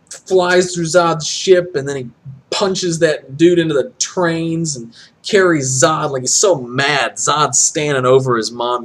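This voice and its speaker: A young man from Kansas giving his opinion in a casual vlog, animated and excitable, with sudden jumps up to high exclamations. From Kansas, USA. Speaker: vlogger reviewing a movie.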